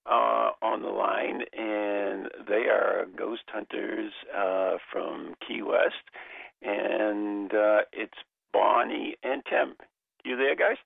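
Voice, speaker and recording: A man's voice: on the low side, slow, vocal fry, no room sound. A male radio host in casual talk, eager and often stumbling over his words as he welcomes guests. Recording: phone-like lo-fi radio sound.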